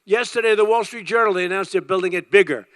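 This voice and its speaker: Bright, high-pitched older man giving a speech. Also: quick pace, dry recording. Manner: emphatic, repetitive, rambling. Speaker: political candidate. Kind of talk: campaign rally speech.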